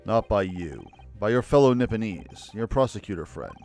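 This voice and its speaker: A man voicing a haughty, aloof aristocratic lord in a video game, speaking in a cold, measured, disdainful way. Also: lowish voice, big pitch swings, a little mellow, soft background music. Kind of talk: reading game dialogue aloud.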